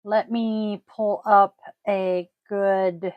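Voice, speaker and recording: A woman hosting her own podcast, talking casually and deliberately, stressing key words with frequent ums. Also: medium pitch, little pitch movement, no room sound, highs cut off. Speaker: podcast host. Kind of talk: casual solo podcast talk.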